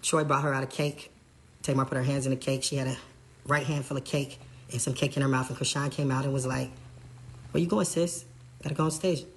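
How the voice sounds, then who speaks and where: Brief: tour manager, mid-pitched voice, lively casual retelling, slips into quoting others. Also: fast, a little hiss or hum. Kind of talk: casual storytelling.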